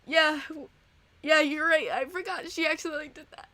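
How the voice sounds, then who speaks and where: Young female streamer host, high voice, dry close sound, chatty, emotional, laughs a lot. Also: steady tone, normal speed, pushed and bright, no echo. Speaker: podcast host reading donations. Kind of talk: casual live-stream chat.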